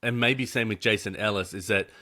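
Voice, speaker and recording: A man's voice: lowish voice, brisk, sharp tone. A man from Australia with an Australian accent, telling laid-back stories and swearing casually as a podcast guest.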